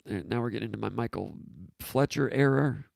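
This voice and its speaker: Hoarse man rambling through sports talk. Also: mid-range voice, brisk, a little mellow, dry recording. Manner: rambling, offhand, with frequent fillers and asides. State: hoarse, losing his voice. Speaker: sports site publisher hosting a live show. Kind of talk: casual sports talk, reading viewer comments.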